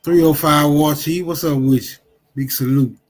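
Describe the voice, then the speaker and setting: A man's voice: a little high, steady tone, moderate pace, darkish tone. A man hosting a casual livestream, greeting viewers and teasing callers with loose, profane banter. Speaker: livestream host.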